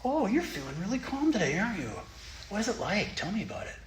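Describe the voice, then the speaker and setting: Man putting on a high coaxing grandma. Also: big pitch swings, fast, echoey room, a little hiss or hum, low-quality recording. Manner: high, coaxing, gently inviting. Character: kindly welcoming old grandma.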